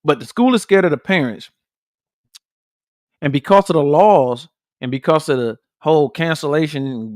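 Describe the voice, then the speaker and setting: Speaking in a fairly high pitch, this fired-up man chats casually with livestream viewers from his podcast, cursing freely, hammering his points more than once, and addressing the audience directly. The recording is dry and studio quality.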